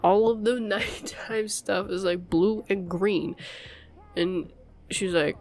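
A woman's voice: medium pitch, steady tone, takes it slowly, a little mellow. A young woman in a casual girlfriend role-play, rambling to her partner with frequent laughs and swearing.

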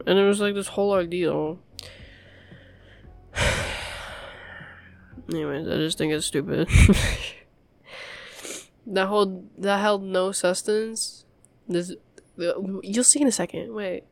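A woman's voice: medium pitch, fairly even intonation, a little slow, gravelly, pauses often, darkish tone, no echo. A young woman in a casual girlfriend role-play, rambling to her partner with frequent laughs and swearing.

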